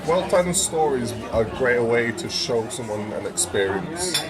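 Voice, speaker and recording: A man's voice: mid-range voice, animated, moderate pace. A man answering interview questions in an earnest, hesitant way. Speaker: interviewee, performer. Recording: public space with a loud crowd.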